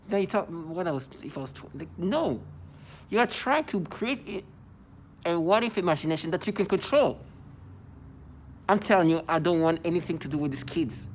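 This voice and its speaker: A man's voice: on the high side, slight background noise. A man in his thirties delivering an agitated vlog monologue, repeating himself and stumbling over restarts. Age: 30s. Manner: agitated, repetitive, stammering restarts.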